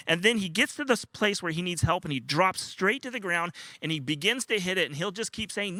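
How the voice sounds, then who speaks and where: A man's voice: sits high, lively intonation, fairly quick, few pauses, pushed and bright, no room sound. An older man preaching a sermon as a pastor, telling stories earnestly and sometimes acting out a small child's cries. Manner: earnest storytelling, acts out a toddler's cries.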